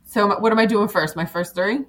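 A woman in a casual group chat, talking in an animated, chatty way and swearing offhandedly. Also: mid-range voice, brisk.

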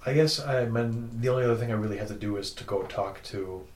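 A man's voice: lowish voice, fast talker, a little mellow, roomy sound, a little hiss or hum. A man playing in a tabletop game, talking in a casual, thoughtful way. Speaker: player.

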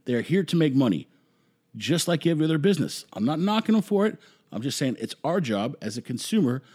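A man's voice: mid-range voice, a little mellow. A man hosting a talk show with an opinionated monologue, speaking emphatically, rambling and repeating words for effect. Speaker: commentary host.

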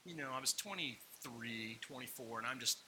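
A young adult man telling a personal story as a sermon, acting out what people said in lively asides. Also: mid-range voice, moderate pace, background noise. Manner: animated personal storytelling, acts out quotes. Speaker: pastor.

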